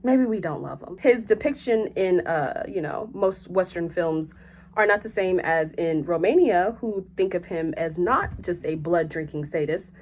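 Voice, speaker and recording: A young woman hosting a vlog in casual chat, animated and joking, with frequent swearing. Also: on the low side, measured pace, slight background noise. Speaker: host.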